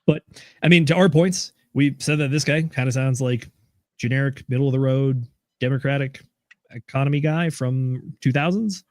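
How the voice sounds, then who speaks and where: A man's voice: mid-range voice, moderate pace, a little mellow, no echo, studio quality. Easygoing man hosting a podcast. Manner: easygoing, reads aloud with asides. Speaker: podcast host. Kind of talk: casual podcast hosting, reading comments and notes.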